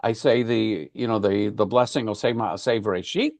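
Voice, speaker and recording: A man's voice: on the low side, moderate pace, creaky, darkish tone, no echo. A man leading an informal class discussion, talking conversationally with frequent restarts and fillers. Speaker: class teacher.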